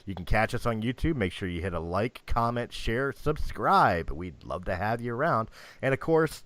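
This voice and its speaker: Animated man hosting a podcast. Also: fairly low pitch, moderate pace, dry recording. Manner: animated, reads promos playfully. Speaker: podcast host. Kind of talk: casual podcast chat and outro.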